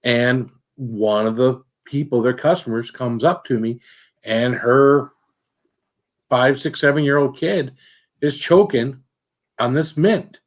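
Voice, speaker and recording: A man chatting casually and telling a story from his past, with many fillers. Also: mid-range voice. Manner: rambling, many fillers, tells stories from work. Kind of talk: casual chat.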